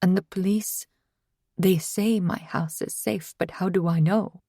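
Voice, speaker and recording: A woman's voice: lowish voice, fairly even intonation, unhurried, dark tone, husky, no echo, studio quality. A woman voicing an anxious, polite woman neighbor who talks in fretful, apologetic bursts. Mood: worried.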